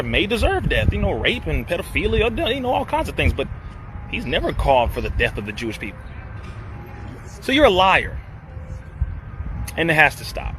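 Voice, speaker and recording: Heated man ranting over traffic noise. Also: fairly high pitch. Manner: heated, accusatory, rhetorical. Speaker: host. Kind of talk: impassioned commentary.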